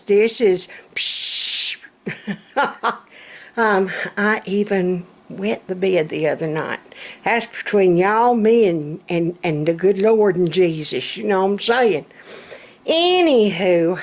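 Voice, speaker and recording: A middle-aged woman, chatting in a self-mocking, storytelling way. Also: medium pitch. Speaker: vlogger. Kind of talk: casual chat.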